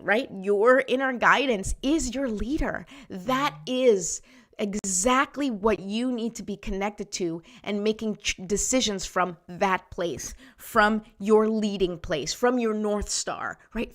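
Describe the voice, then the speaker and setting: A woman host giving a casual motivational talk to viewers, chatty and encouraging, often checking in with "right?", her voice sometimes thinning out. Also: fairly high pitch. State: voice sometimes gives out.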